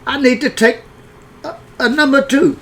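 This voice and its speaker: An innocent little country boy, polite and a bit bewildered, voiced by a man telling a story. He speaks haltingly and earnestly, in a raised, boyish pitch. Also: steady tone, fairly bright tone.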